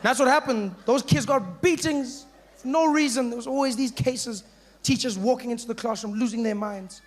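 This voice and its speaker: A man in his thirties from South Africa performing a lively stand-up comedy set, acting out voices as he tells stories. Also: very high voice, normal speed. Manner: animated storyteller who mimics voices. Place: large live comedy venue. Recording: echoey hall with loud crowd noise. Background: audience laughter.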